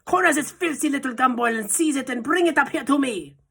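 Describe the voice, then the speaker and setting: A woman's voice: high voice, a little fast, vocal fry, a bit bright, pitched above the performer's own voice. A woman voicing a cruel old female witch leader who screeches commands. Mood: shrieking, commanding.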